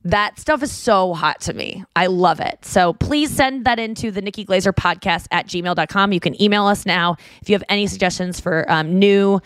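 A woman's voice: medium pitch, normal speed, hardly any pauses, no room sound. A young woman hosting a casual podcast chat, rambling with lots of fillers and acting out scenes she describes. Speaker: podcast host.

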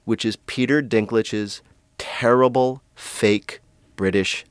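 A man's voice: medium pitch, slow pace, clean tone, no echo. A man co-hosting a casual podcast chat, talking animatedly and laughing often. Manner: animated, laughing, mimics others. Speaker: podcast co-host.

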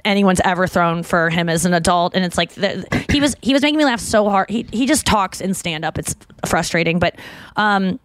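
A woman's voice: fairly low pitch, fairly quick, no room sound. A woman hosting a podcast, chatting casually and rambling with lots of fillers and restarts. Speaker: podcast host. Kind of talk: casual chat.

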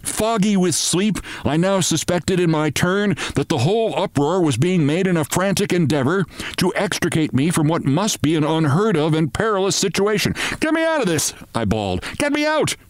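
A man hosting a podcast, reading a short story aloud in a measured, expressive way. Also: on the high side, no room sound. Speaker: podcast host.

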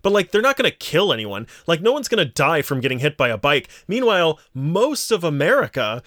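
A man co-hosting a podcast in casual chat, telling rambling stories with animated energy. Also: fairly high pitch, a little fast, no room sound, studio quality. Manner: rambling, animated storyteller with frequent laughter. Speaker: podcast co-host.

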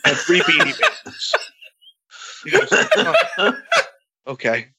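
A man telling a long story in a casual, animated way, swearing a lot and acting out both sides of the dialogue. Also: on the high side, fairly quick, no room sound.

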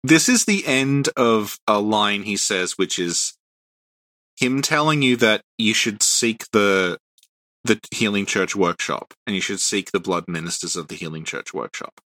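A man's voice: on the low side, lively intonation, measured pace, bright, forceful tone, no room sound. A man co-hosting a podcast, explaining game lore patiently in casual chat and laughing often. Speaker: podcast co-host.

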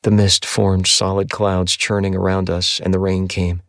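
A man reading a first-person novel aloud in a measured, somber audiobook narration. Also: low-pitched, level tone, no echo, studio quality.

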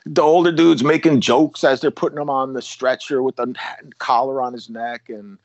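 A man's voice: medium pitch, fairly even intonation, normal speed, dry recording, lo-fi sound. A man, a former police officer, casually telling a long story with many restarts and acted-out quotes. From United States.

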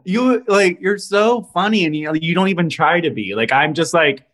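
A man hosting a casual podcast interview, chatty and quick to laugh. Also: high voice, lively intonation, fairly bright tone. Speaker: podcast host.

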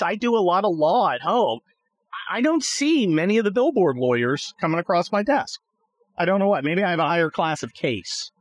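A man's voice: on the high side, no room sound, low-quality recording. A man hosting a podcast from his car, ranting sarcastically and swearing at traffic. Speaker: podcast host. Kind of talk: casual ranting chat while driving.

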